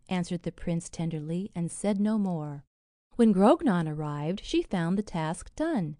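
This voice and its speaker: A woman narrating a fairy tale audiobook in a measured, expressive way. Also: fairly low pitch, no room sound, clean studio sound.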